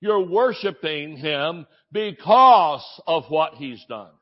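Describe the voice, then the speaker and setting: A man preaches with a lively, swinging voice that sits a little high, breaking into shouts and joking asides. The audio is dull and lo-fi. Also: takes it slowly, few pauses. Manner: animated preaching, shouting exclamations, asides and jokes. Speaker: pastor. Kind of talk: sermon.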